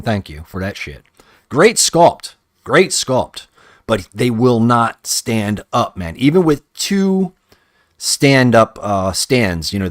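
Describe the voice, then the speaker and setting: Brief: man, lower register, crude and rambling hobby streamer, dry close sound. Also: no echo. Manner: profane, rambling, restarts sentences often. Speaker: hobbyist streamer painting action figures. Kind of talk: casual live-stream chat.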